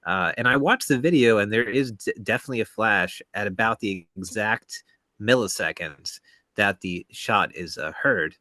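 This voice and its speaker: A man co-hosting a casual podcast, walking through his reasoning at length with frequent pauses. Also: fairly low pitch, pushed and bright, no echo. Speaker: podcast co-host.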